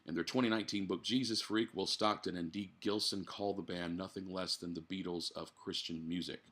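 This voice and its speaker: Reading a news article on his living-room podcast, this man keeps interrupting himself with blunt, foul-mouthed comments, drinking as he talks. He has a low-pitched, slightly bright voice with a steady tone and a brisk pace.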